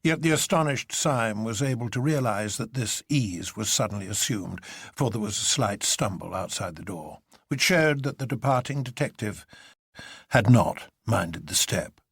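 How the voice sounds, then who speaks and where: Measured expressive male storyteller. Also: fairly low pitch, creaky, breathy edge, no room sound, studio quality. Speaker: narrator. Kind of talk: scripted narration of a novel.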